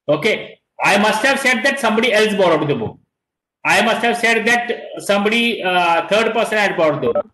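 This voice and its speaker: A middle-aged man with an Indian English accent teaches an online class in a high, lively voice that swings up and down. He repeats himself and leans on key words. The sound carries a noticeable room echo. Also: normal speed. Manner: repeats words, stresses key words, mixes in Hindi.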